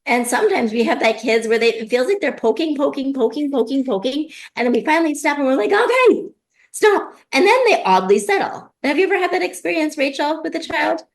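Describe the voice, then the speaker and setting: Woman coach talking parenting, animated, jumps into little voices of parents and kids. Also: sits high, fast talker, hardly any pauses. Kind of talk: explaining parenting advice in conversation.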